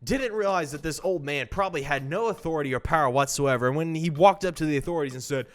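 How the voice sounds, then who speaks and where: A young man telling a childhood story to camera in a casual, animated way. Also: fast talker. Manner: animated, acts out quoted voices with big pitch jumps. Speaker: vlogger.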